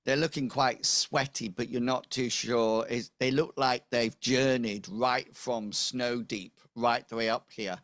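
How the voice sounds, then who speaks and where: A man's voice: medium pitch, steady tone, a little slow, few pauses, fairly bright tone, no echo. A man narrating as game master for a tabletop game, rambling with many fillers.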